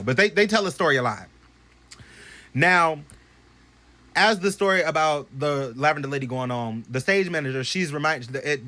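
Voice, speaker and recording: Animated, profane young man telling a story. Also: mid-range voice. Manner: animated, profane, swings from loud bursts to hushed asides. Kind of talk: casual spoken storytime to camera. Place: bedroom at home. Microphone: phone camera.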